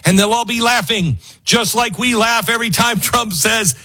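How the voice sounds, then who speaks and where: A man's voice: extremely high pitch, moderate pace. A man hosting a political talk show, giving an opinionated, sarcastic monologue and laughing often. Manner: animated, sarcastic, laughs often and mimics people.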